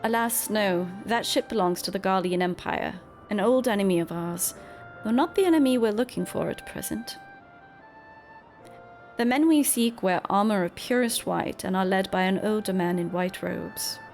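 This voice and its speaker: A woman's voice: medium pitch, normal speed, a little mellow, faint music behind, natural voice. Woman reading an earnest young scholar. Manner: formal, old-fashioned wording.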